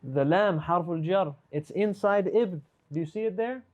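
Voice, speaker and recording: A man's voice: high-pitched, normal speed, darkish tone, muffled recording, a little hiss or hum. Patient male teacher quizzing his students. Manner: patient, questioning, switches between English and Arabic terms. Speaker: Arabic teacher. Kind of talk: live online class, correcting students.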